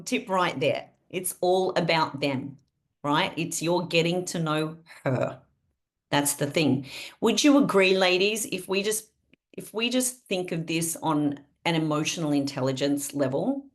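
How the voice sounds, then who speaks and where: Chatty woman coaching a sales team. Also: lowish voice. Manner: lively, chatty, keeps asking listeners questions. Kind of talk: live online team training.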